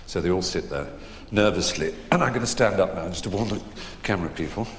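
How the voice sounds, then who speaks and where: A man telling theatre anecdotes on stage before a live audience, an unhurried raconteur who pauses with ums and restarts. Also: sits low, slight background noise. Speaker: stage conversation guest. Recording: echoey hall with long reverb.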